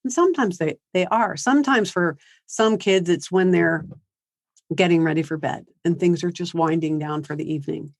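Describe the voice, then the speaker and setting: A woman's voice: fairly low pitch, normal speed, creaky, no room sound, clean studio sound. A woman giving a parenting seminar in a conversational way, acting out what teens and parents say. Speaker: parenting speaker. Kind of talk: seminar talk. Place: high school seminar.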